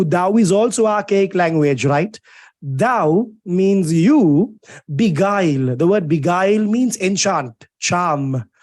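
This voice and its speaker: A young male English literature teacher with a Sri Lankan English accent, speaking in a fairly high voice on a video-call lecture. He jokes with his students and fires off questions, then answers them himself. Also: darkish tone. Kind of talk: online lecture. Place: home or classroom, streamed over a video call. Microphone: video call microphone.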